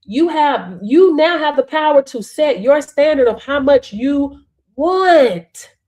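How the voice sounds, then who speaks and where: Woman coaching live, kinda high voice, punchy, lots of "right?" and "hello?". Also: expressive, slow, a little mellow. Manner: emphatic, punctuates with "right?" and "Hello?", calls on viewers. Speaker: business coach. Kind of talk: live-streamed coaching talk.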